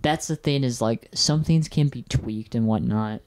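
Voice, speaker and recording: A man's voice: mid-range voice, measured pace, a little mellow, a little hiss or hum. Chatty male podcast host, casual review. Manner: rambling, filler-heavy, chatty.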